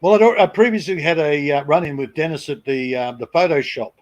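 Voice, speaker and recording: A middle-aged Australian man livestreams from home, spinning long, meandering stories and swearing freely. His voice is on the high side and brisk, and the sound is lo-fi.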